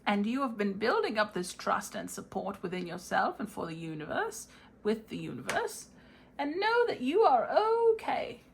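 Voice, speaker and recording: A woman's voice: mid-range voice, sing-song, normal speed, gravelly, a little hiss or hum. A woman voicing a cheerful, rambling male wizard puppet in a playful tarot reading, with a theatrical manner that slips into a posh put-on accent.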